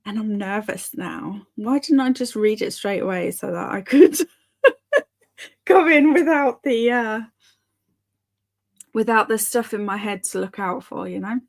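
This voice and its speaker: Her voice sits at medium pitch, expressive and gravelly, moving at a measured pace with frequent pauses. A giggly booktube host in her thirties, she chats casually with viewers during reading sprints and reads their comments out loud.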